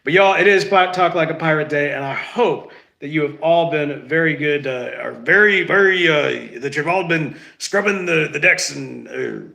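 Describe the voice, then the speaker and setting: A man's voice: on the high side, normal speed, gravelly, hardly any pauses, bright, forceful tone. A man hosting a casual solo podcast, rambling and correcting himself while he is sick and stuffed up. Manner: rambling, self-correcting, says y'all. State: sick, stuffy, lost sense of smell. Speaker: podcast host.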